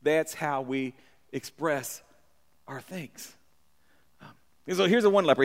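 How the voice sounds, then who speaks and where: A man preaching a sermon in a church on a microphone, talking conversationally with repeated words and sudden shouts for emphasis. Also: high voice, normal speed, vocal fry, pauses often, in a large hall. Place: church sanctuary. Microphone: handheld or stand mic.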